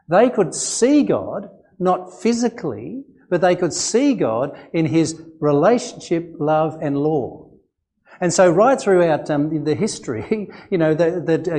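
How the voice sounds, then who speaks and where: A male pastor with an Australian accent, preaching a sermon in a conversational way, full of rhetorical questions and animated emphasis. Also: a little high. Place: church.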